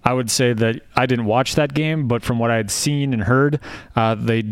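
A man's voice: medium pitch, normal speed, clear, resonant tone, no room sound. A man co-hosting a casual football podcast, teasing and dryly sarcastic. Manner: dry, teasing, sarcastic jokes. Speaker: podcast co-host. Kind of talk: casual sports chat.

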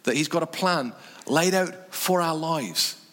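A man preaching a sermon in earnest short phrases, dropping his voice low on key words. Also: a little slow, fairly bright tone. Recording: long reverb from a hall.

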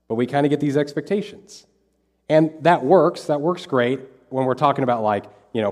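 A man's voice: medium pitch, darkish tone. A man preaching a sermon as pastor, talking in a conversational way and repeating phrases for emphasis. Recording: long hall reverb.

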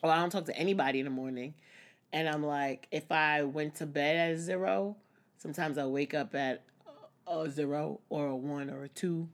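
In a low, steady voice at a moderate pace, a woman opens up reflectively on her personal vlog. Her candid talk is broken now and then by small laughs.

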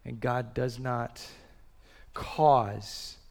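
A pastor preaching a sermon, swinging from loud urgent bursts to quiet, slow drops. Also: male voice, mid-range voice, steady tone, vocal fry. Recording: long reverb of a large hall.

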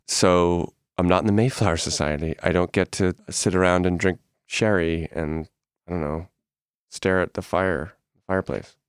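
A man's voice: deep voice, steady tone, moderate pace, clean tone, no echo, studio quality. A man co-hosting a podcast, chatting casually, rambling and restarting his sentences and laughing often. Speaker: podcast co-host. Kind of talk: casual chat.

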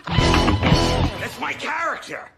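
A man playing an excited character who proudly calls himself the trash man, in a clip with loud guitar music behind him. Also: very high voice, very slow, gravelly, exaggerated voice.

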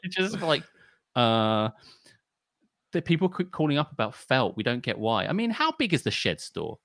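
A man rants and swears his way through a podcast chat, his voice leaping up and down in pitch. The sound is dry and close. His pitch sits in the middle for a man. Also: moderate pace, no room sound. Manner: ranting, swearing, animated. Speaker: podcast co-host. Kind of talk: casual chat.

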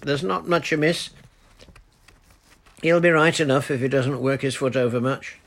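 A man's voice: mid-range voice, gravelly, a bit bright, voice pushed up. A man doing a kindly old charcoal burner. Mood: hearty. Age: older. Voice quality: homely dialect, slow and reassuring.

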